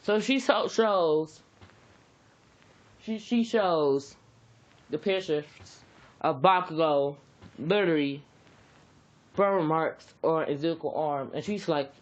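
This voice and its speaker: Storyteller, improvised fan fiction, rambling, casual slang, mid pitch, dull lo-fi audio. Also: takes it slowly, long pauses.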